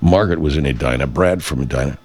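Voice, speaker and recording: A male radio host with a very low voice talks off the cuff. He wanders from point to point, restarts often and drops casual profanity. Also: fast, a little mellow. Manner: meandering, self-interrupting, swears freely. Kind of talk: rambling casual monologue.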